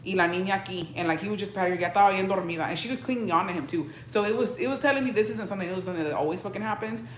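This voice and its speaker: A woman's voice: mid-range voice, racing, a little hiss or hum. A young woman with a Mexican-American accent, switching into Spanish, chatting bluntly and profanely with her viewers. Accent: Mexican-American English with Spanish code-switching. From Mexican-American family. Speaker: streamer. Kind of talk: casual chat reacting to viewers.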